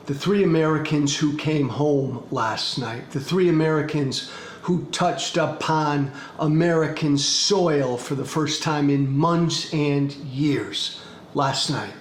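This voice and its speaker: A man's voice: on the high side, slow. A man hosting a political commentary podcast, speaking in an emphatic monologue that hammers the same points again and again, with blunt profanity. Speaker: podcast host. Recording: echoey room with faint background noise.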